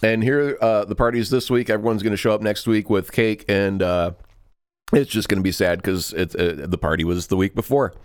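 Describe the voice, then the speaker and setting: Smooth-voiced man co-hosting a podcast. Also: on the low side, fairly even intonation, normal speed, no room sound, studio quality. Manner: joking, playful. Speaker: podcast co-host. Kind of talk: casual chat.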